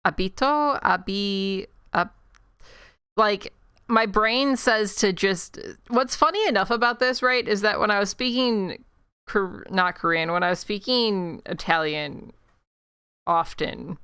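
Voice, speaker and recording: A woman's voice: mid-range voice, pushed and bright, clean tone, no room sound, clean studio sound. A woman from Chicago with a Chicago accent, chatting casually and rambling into a desk mic while livestreaming a game. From Chicago, United States. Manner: chatty and rambling, quick self-mocking asides. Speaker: streamer. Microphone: desk microphone.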